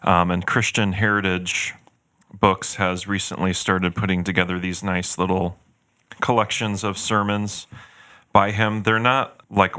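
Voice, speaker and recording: A man's voice: deep voice, pushed and bright, smooth, dry recording, clean studio sound. A man co-hosting a church podcast, chatting earnestly and thoughtfully about a book he recommends. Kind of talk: casual book recommendation chat.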